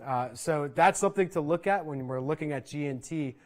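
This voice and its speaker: A man teaching percussion in an online clinic, explaining in a relaxed conversational way and often checking in with "right?". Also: a little high, a little fast, over loud music. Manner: conversational, frequent "right?" check-ins and fillers. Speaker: percussion instructor.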